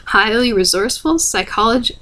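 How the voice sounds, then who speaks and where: A woman voicing a calm, cold middle-aged male scientist with a smooth voice, in a soft ASMR book reading. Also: fairly high pitch, normal speed. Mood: smoothly pleased.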